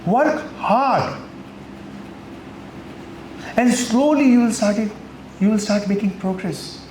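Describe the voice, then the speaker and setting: A spiritual teacher, giving an emphatic lecture to college students and swinging between loud and quiet. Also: male voice, high-pitched, takes it slowly. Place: college hall. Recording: echoey hall, faint noise.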